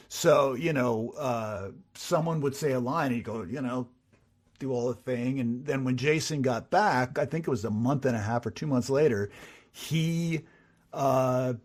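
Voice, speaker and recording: A middle-aged man, a writer and producer, telling stories as a podcast guest and acting out the dialogue he quotes. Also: medium pitch. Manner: animated storyteller who acts out quoted dialogue. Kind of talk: casual interview storytelling.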